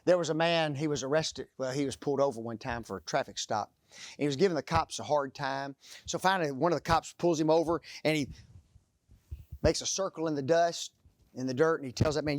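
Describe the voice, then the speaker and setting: A man preaching a sermon, telling stories and pausing to let the audience fill in the blanks. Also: a little high, no echo, studio quality. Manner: animated storytelling.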